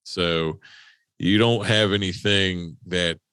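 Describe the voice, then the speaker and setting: A man's voice: deep voice, steady tone, slow, fairly bright tone, clear, resonant tone, no room sound. A man co-hosting a podcast, telling a rambling, profane story with lots of restarts. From West Virginia. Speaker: podcast co-host. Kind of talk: casual storytelling. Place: podcast studio.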